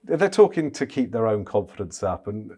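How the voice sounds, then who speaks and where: A man's voice: fairly low pitch, big pitch swings, normal speed, mellow, husky. A man, a chief cricket correspondent, chatting casually on a podcast, with frequent stammering restarts.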